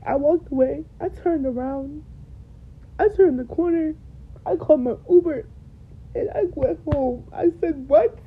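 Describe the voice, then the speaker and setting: On a dull, lo-fi recording, a young podcast host shares a personal story with her audience. Her voice sits high and moves a little slowly, and she's tearful, repeating phrases to drive them home.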